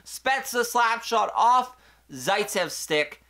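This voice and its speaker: A young man recapping a hockey game on his own channel, talking in an animated way that swings from excited outbursts to quiet asides. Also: very high-pitched, slow pace. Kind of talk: solo game recap commentary.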